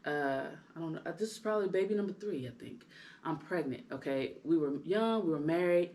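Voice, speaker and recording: A lower-voiced woman in her thirties tells a candid personal story as a podcast co-host. Her delivery is animated and conversational, and she keeps checking in with quick tag questions. When she gets worked up, her voice climbs higher and louder. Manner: animated, rising loud and high when worked up; tag questions, frequent "right?". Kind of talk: candid storytelling in casual chat.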